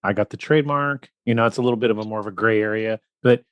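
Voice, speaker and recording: A man's voice: fairly low pitch, quick pace, clear, resonant tone, dry recording, dull audio. A man hosting a casual podcast interview, reasoning aloud in a conversational way. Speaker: podcast host.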